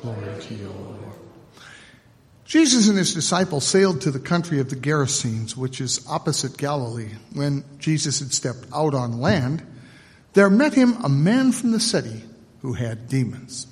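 A man serving as pastor, making announcements and then leading the liturgy in a solemn, measured cadence. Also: medium pitch, sing-song. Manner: solemn liturgical cadence with call and response prompts. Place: church sanctuary. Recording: echoey church hall, mic at a distance.

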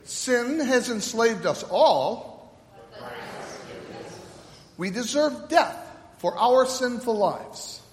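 A man serving as pastor, making announcements and then leading the liturgy in a solemn, measured cadence. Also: very high voice, lively intonation. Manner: solemn liturgical cadence with call and response prompts. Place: church sanctuary. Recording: echoey church hall, mic at a distance.

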